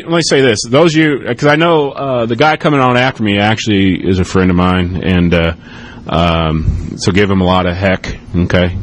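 A man's voice: mid-range voice, fairly bright tone, husky. A middle-aged American man who used to be a police officer, giving a casual, rambling conference talk and taking audience questions, often adding "okay?". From United States. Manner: casual, rambling, frequent "okay?" and "you know".

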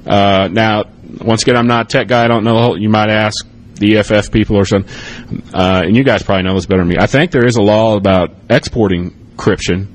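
Rambling middle-aged ex-cop at a conference. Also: male voice, fairly low pitch, fairly even intonation, brisk. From United States. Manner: casual, rambling, frequent "okay?" and "you know". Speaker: conference speaker, former police officer. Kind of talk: live talk with audience questions. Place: conference hall with audience.

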